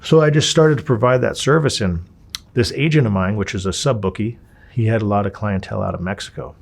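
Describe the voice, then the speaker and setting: A man from Los Angeles, an interview guest, telling his story in a casual, animated way. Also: on the low side, fairly quick, creaky. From Los Angeles, USA. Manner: animated, acts out quoted dialogue.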